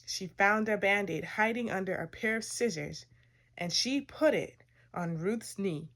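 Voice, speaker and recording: A woman reading a children's picture book aloud, expressive and playful, acting out sound effects. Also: mid-range voice, a little slow. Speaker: storytime reader.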